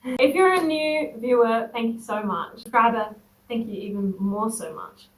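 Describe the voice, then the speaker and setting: Animated young woman, roomy distant sound. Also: a little high, normal speed. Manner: animated, laughs often. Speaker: co-host. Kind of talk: casual chat, reading stories aloud. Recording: echoey room, distant mic.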